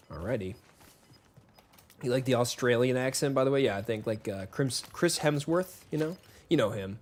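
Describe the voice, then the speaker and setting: A man's voice: mid-range voice, expressive, moderate pace, faint music behind. A man live-streaming a shooter game, chatting casually with viewers and greeting them by name in a rambling, friendly way. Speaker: gaming streamer. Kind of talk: casual live-stream chat while playing.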